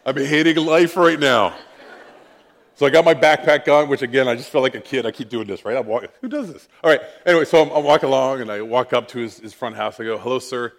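A man preaching, telling a personal story with lively, self-mocking animation. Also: mid-range voice, fast. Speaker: pastor. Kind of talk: sermon storytelling.

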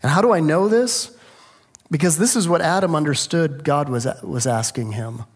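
A middle-aged man preaching a sermon, telling a family story with lively rhetorical questions. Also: on the high side, moderate pace, husky. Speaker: pastor.

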